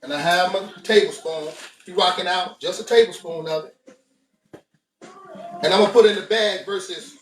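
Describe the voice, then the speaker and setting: A man's voice: high-pitched, moderate pace, long pauses, a bit bright. A man hosting a casual cooking demonstration, chatty and laid-back, talking straight to viewers as he works. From United States. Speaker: cooking show host. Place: home kitchen. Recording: echoey room, mic at a distance.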